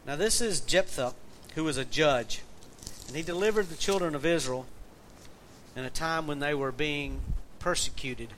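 A man's voice: on the high side, normal speed, fairly bright tone, poor audio. A middle-aged man with a Southern accent preaching a conversational sermon, telling a folksy family story and reading scripture aloud. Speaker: pastor. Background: faint air conditioner hum.

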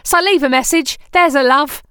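A woman's voice: high voice, moderate pace, fairly bright tone, a little hiss or hum, voice pushed up. A woman putting on a cheery Cockney man's voice for an answerphone greeting. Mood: chummy. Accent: Cockney, put on. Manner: cheery, chummy. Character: chirpy Cockney man on an answerphone.

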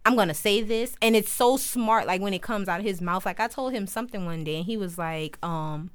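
A woman's voice: mid-range voice, fairly quick, clear, resonant tone. A young woman hosting a podcast, chatting casually and acting out the voices of people in her stories. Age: young adult. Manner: animated storyteller, acts out quoted voices. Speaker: podcast host. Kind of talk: casual conversation.

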